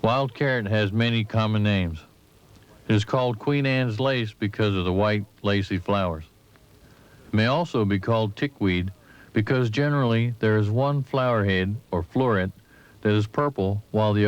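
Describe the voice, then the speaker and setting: A man giving measured, instructive scripted narration for an instructional film, recorded as a voice-over. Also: fairly low pitch, clear, resonant tone. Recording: dull lo-fi 1980s training film audio.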